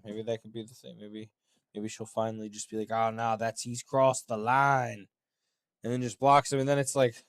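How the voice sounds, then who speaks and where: A young man giving casual, profane commentary while playing a game, laid-back and breaking into loud laughter. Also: mid-range voice, no room sound, studio quality. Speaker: streamer.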